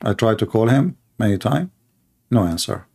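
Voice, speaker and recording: Gravelly man. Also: on the low side, expressive, normal speed, a little mellow. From Arab world. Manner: emphatic, repetitive, heated. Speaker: Christian apologist host. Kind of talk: livestream commentary.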